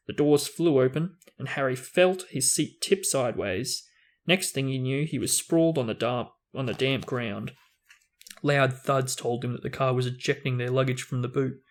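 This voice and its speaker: A man hosting a book discussion, reading a novel aloud expressively and now and then repeating a word. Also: medium pitch. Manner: expressive reading with small restarts.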